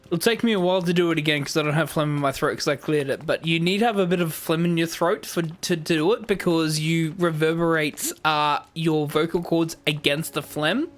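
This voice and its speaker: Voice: mid-range voice, steady tone, fairly quick, hardly any pauses. A game streamer chatting casually, in a chatty, self-amused and apologetic way. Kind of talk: casual let's-play chat.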